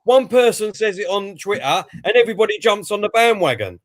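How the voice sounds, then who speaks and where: A man's voice: high voice, lively intonation, brisk, dry recording. A man talking football on a video call from his computer, agreeing often and swearing casually. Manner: agreeable, chatty, sprinkles in swearing. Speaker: fan pundit. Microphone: computer mic on video call.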